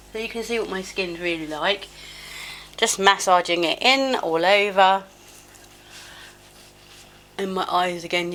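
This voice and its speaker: A woman in her fifties talks through her skincare routine at home in a lowish, bright voice. She is chatty and self-deprecating, often laughing at her own mishaps. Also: a little hiss or hum. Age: 50s. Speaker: beauty vlogger. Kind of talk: casual skincare tutorial chat. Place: home, at a sink. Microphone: camera close up.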